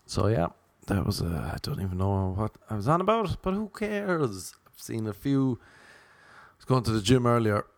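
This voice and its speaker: A man's voice: fairly low pitch, sing-song, normal speed, no room sound. A young Irish man with an Irish accent, rambling through a loose comic monologue and drifting off on tangents. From Ireland. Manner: loose, jokey, goes off on tangents. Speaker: comedian.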